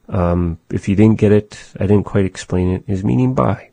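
A man giving a casual language lesson, explaining thoughtfully and softly repeating phrases. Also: fairly low pitch, normal speed, vocal fry, hardly any pauses, no room sound. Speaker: language teacher.

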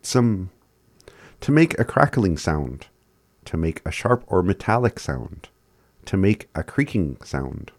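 Low voiced guy chuckling thru a relaxed language lesson, talks slow. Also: dry recording, clean studio sound. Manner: laid-back, chuckling often, spells words out slowly. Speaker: language teacher.

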